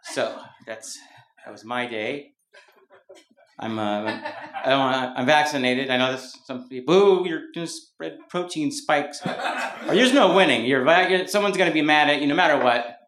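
At a normal speed and medium pitch, a comedian from Mountain View, California, works through a rambling, self-mocking routine at a comedy club. The live audience recording is roomy and has background noise.

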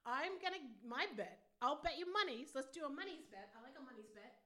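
A woman co-hosting a casual, joking chat, laughing often. Her voice sits high and swings widely in pitch, with a bright ring to it. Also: expressive, fast. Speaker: podcast co-host. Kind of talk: casual chat, tasting vodka.

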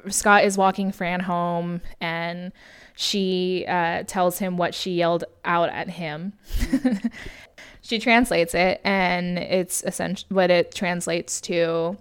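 Her voice is lowish and clean, slow, with fairly even intonation. She's an American podcast co-host giggling through a casual film recap, rambling, using fillers, and restarting or correcting herself often.

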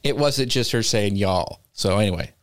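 A man's voice: fairly low pitch, moderate pace, no room sound, studio quality. A man hosting a live show, joking with his guest in casual banter. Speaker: show host. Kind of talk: casual chat.

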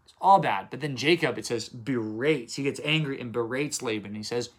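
A man hosting a daily Bible reading video, retelling scripture in relaxed everyday speech. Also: mid-range voice, normal speed, breathy edge. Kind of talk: casual Bible teaching.

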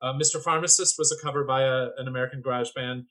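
A man's voice: mid-range voice, fairly even intonation, fast talker, bright, forceful tone, low-quality recording. A man on a casual podcast panel, rambling through opinionated points with many fillers. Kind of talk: casual chat.

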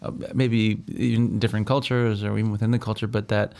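Guy hosting an interview, low gravelly voice, long rambly questions. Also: level tone, a little fast, a little mellow. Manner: rambling questions with "right?" and "you know". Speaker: interviewer, host. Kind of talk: casual interview chat.

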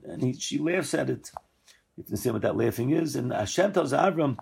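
Gravelly-voiced man teaching Torah. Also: medium pitch, expressive, a little fast, a little mellow. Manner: discursive, self-correcting, acts out quoted lines. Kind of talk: weekly Torah lesson.

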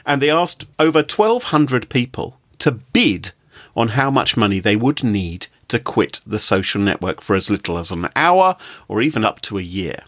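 A man's voice: lowish voice, normal speed, dry recording, studio quality. A man with a British accent hosting a podcast, telling stories in a jokey, casual way. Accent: British English. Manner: jokey, lively storyteller. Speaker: podcast host. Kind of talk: casual chat.

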